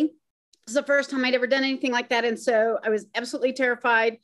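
A woman's voice: on the high side, steady tone, fast, fairly bright tone. A middle-aged woman, a fan guest, casually sharing memories in a reminiscing way on a video call. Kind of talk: casual remembrance chat.

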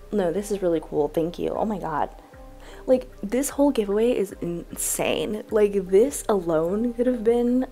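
Gushing young woman vlogger, excitable. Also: fairly high pitch. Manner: excitable, gushing, says "like" often. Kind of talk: casual unboxing chat.

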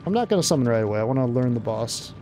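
A man giving casual, excitable let's-play commentary, blurting out exclamations as he plays. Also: medium pitch, very fast, background noise. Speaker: gameplay commentator.

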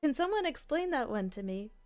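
A woman's voice: sits high, very animated, a little fast, soft background music. A woman streaming a video game, chatting casually and playfully with her viewers. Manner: playful, giggly, chats with viewers. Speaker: virtual streamer.

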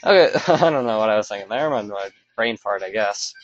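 A man's voice: lowish voice, animated, brisk, muffled recording, a little hiss or hum. A man giving casual, rambling commentary over his own gameplay, often stopping to correct himself. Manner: rambling, self-correcting, offhand. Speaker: let's play commentator.

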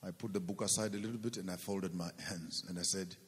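A man's voice: low-pitched, steady tone, fast talker. A man preaching a sermon, emphatic and full of rhetorical questions, repeating words and stretching out key phrases. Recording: long reverb of a large hall.

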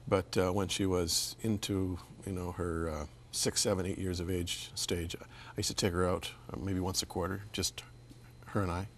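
Deep gravelly male interview host. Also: level tone, slight background noise. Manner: measured, reflective, drops to a near whisper at times. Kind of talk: interview conversation.

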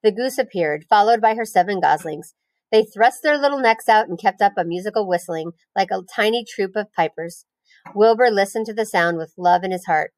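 A woman teacher reading a children's novel aloud in a gentle, unhurried storybook manner. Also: medium pitch, no echo, low-quality recording.

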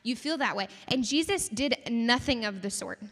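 A young woman giving a conversational, animated sermon to a campus group, often asking the audience questions. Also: on the high side, moderate pace. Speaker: campus ministry speaker. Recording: long hall reverb.

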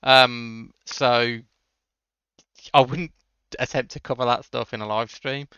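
Man, livestream host, bright crisp voice, dry room, slightly dull lo-fi sound. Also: medium pitch, fairly even intonation, slow, no echo. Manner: answers chat questions with dry jokes. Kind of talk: casual coding livestream chat.

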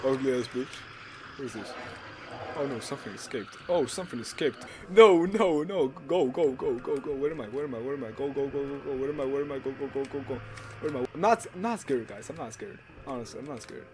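Here a young gaming YouTuber speaks a bit quickly in a mid-range voice, with background noise, while live-commentating a horror game. He's excitable and loud, swears freely, jumps and shrieks at the scary moments, and repeats himself.

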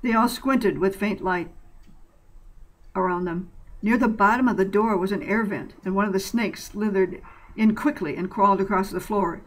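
Woman, storyteller, plain even reading, middle pitch, short-story narration. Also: moderate pace, low-quality recording.

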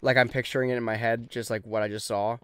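A man's voice: mid-range voice, flat delivery, a bit bright, clear, resonant tone. Chatty young man commenting on a game. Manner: chatty, quickly frustrated, self-mocking. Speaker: let's play host. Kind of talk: casual gameplay commentary.

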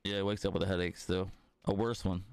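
A man's voice: low voice, flat delivery, fast talker, gravelly, darkish tone, clean tone, no echo. A young man gaming with friends, chatting casually, profane and joking over a headset. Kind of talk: casual party-chat banter.

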